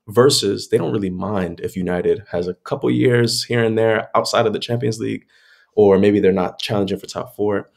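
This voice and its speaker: A man's voice: fairly low pitch, gravelly, darkish tone. A man co-hosting a sports podcast, giving a frustrated, opinionated fan's rant in a casual chat. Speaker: podcast co-host.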